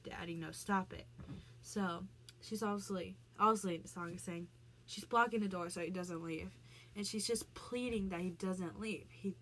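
In a casual vlog, a woman with a medium-pitched voice talks through the meaning of song lyrics, filling her chatty explanation with "like" and frequent restarts, with a little hiss or hum audible.

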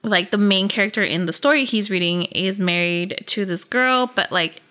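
A woman's voice: medium pitch, normal speed, bright, forceful tone. A young woman chatting casually as a podcast co-host, recapping a book, laughing often and acting out the characters' lines.

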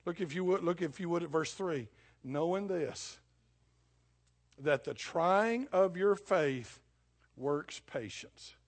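High-voiced impassioned male preacher. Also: lively intonation, slow pace. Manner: impassioned, swinging from shouts to low hushed tones. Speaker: pastor. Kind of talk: sermon.

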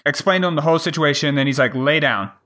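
Podcast co-host, man, bright and forceful tone, slightly high voice, swears freely and acts out every quote. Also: rapid-fire. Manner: profane, animated retelling with acted-out quotes. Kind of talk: casual storytelling chat.

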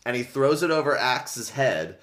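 A man's voice: mid-range voice, lively intonation, moderate pace, fairly bright tone. A man hosting a podcast, chattily retelling a story with frequent laughter and lots of filler words. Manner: chatty, laughs often, many filler likes. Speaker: podcast host recapping a book series. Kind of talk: casual chat, retelling a story.

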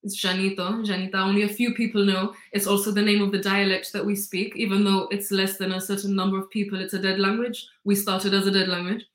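Her medium-pitched voice stays level as she talks quickly, barely pausing, in an echoey room. She's a woman from Gibraltar in her 20s, a chatty, upbeat guest in a casual interview who peppers her talk with "like" and "you know".

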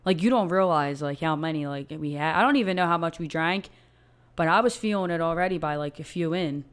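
Smooth-voiced woman, blunt. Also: sits low, fairly quick. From Philadelphia. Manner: blunt, profane, storytelling. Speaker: storyteller. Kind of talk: casual chat.

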